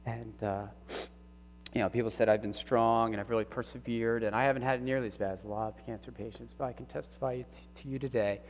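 A middle-aged man preaching a personal sermon testimony, earnest and halting, his voice catching with emotion. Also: medium pitch, fairly even intonation. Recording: reverberant hall with faint hum.

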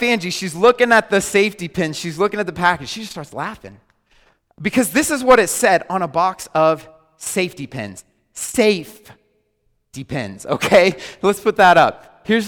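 A man preaching a sermon as a pastor, animated and joking with his congregation. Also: sits high. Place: large church hall. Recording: hall reverb.

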